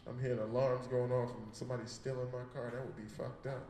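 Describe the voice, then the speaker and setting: A man's voice: medium pitch, little pitch movement, fast talker, warm tone, echoey room, distant mic, slight background noise, low-quality recording. A man doing a stand-up comedy set in a gallery, telling stories on a handheld mic in a loose, profane way and voicing the people in them. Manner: storytelling with voiced characters, profane and laid-back. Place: comedy show in an art gallery.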